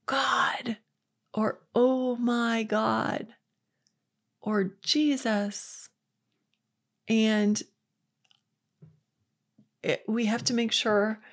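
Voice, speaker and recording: A woman hosting a faith podcast, giving an earnest, conversational Bible teaching with quotes acted out. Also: medium pitch. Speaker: podcast host.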